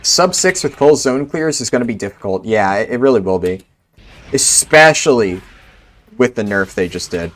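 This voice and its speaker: A man's voice: on the low side, lively intonation, normal speed, a bit bright. Laid-back young man streaming a game. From Central New Jersey. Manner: rambling and laid-back, many "like" fillers. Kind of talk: casual chat answering live chat.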